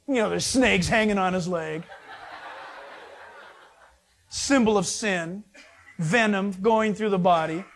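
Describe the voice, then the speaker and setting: A man with a high voice preaches a sermon in a loose, folksy way. He jokes as he tells the story and keeps it animated. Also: measured pace, long pauses.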